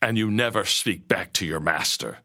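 A man's voice: low voice, animated, slow pace, sharp tone, slightly rough, full character voice. A man voicing a cruel, hateful middle-aged farmer who barks orders and growls threats in a storybook reading. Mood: threatening.

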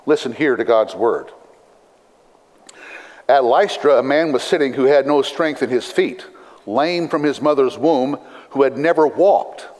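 A pastor giving a sermon, reading scripture in a measured, deliberate way with dry asides. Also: male voice, medium pitch, a little mellow. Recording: long reverb of a large hall.

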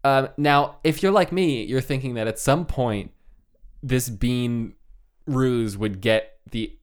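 Speaking slowly in a clear, resonant, medium-pitched voice, a man co-hosting a podcast casually retells a fairy tale with wry humor, dropping in fillers as he goes. It's laid-back comedic storytelling.

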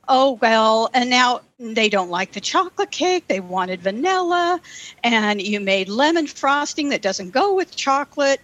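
Lady ranting, fed up, dry close sound, a bit high. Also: lively intonation, unhurried, fairly bright tone, no room sound. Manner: exasperated, exclaiming. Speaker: game participant. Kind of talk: comic rant over video call.

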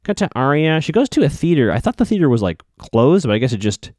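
A man's voice: fairly high pitch, sing-song, fast talker, darkish tone, no echo, clean studio sound. A man giving a casual recap of a TV episode, thinking aloud and correcting himself as he goes.

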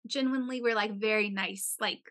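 A young adult woman telling a long story in casual chat, animated and profane, with many "like"s. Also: medium pitch, brisk.

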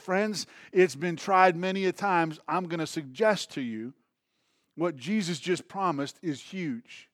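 Slightly high-voiced man preaching a sermon. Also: unhurried, dry recording, clean studio sound. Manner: conversational preaching with frequent restarts and check-ins like "right?". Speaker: pastor.

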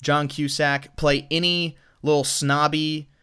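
Slow and smooth, his slightly high voice carries a bright, forceful tone with little pitch movement. He's a Southern co-host on a podcast, giving movie opinions in a rambling, casual chat full of restarts.

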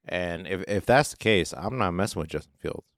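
Brisk and low-pitched, a man co-hosts a fantasy football podcast, chatting casually about sports with a loose, slightly profane style and workplace analogies. The recording is dry and studio quality.

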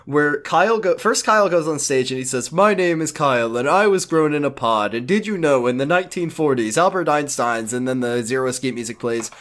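A man's voice: on the high side, animated, fairly bright tone. Joking young man recapping a show. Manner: joking, mocking, quick asides. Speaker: podcast co-host. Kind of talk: casual comedic recap chat.

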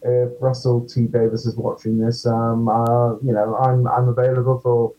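A man's voice: mid-range voice, monotone, normal speed, warm tone, muffled recording, faint music behind. A man, an actor guest, chatting casually in an interview, self-deprecating and full of ums.

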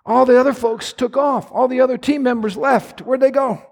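A male pastor preaching a sermon, swinging between low, quiet asides and loud, shouted lines. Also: steady tone, moderate pace, creaky, big-room sound.

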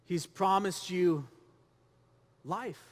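A man's voice: high-pitched, very slow, big-room sound. A man preaching a sermon, asking rhetorical questions and repeating phrases as he builds his point. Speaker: pastor.

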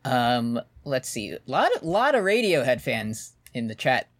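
A man's voice: medium pitch, sing-song, measured pace, no room sound. A man co-hosting a podcast, chatting casually and rambling with frequent swearing. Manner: rambling, laid-back, swears often. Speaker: podcast co-host. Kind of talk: casual chat.

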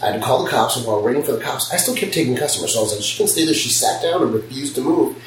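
A man's voice: medium pitch, animated, racing, a little hiss or hum. A man who runs a piercing studio, telling blunt, profane stories in casual chat. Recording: roomy, distant mic, faint ambience.

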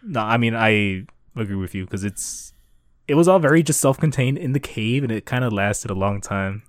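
A man's voice: normal speed, dry recording, studio quality. A man co-hosting a casual podcast, recapping anime episodes in a chatty way full of filler words. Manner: chatty, lots of likes, jumps to higher pitch when excited. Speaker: podcast co-host.

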